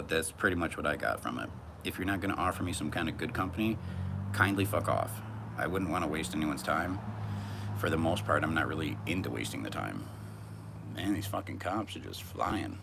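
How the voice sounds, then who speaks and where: A man's voice: a bass voice, gravelly, noisy background. A man vlogging from a back porch outdoors, talking in a brash, profane, rambling monologue.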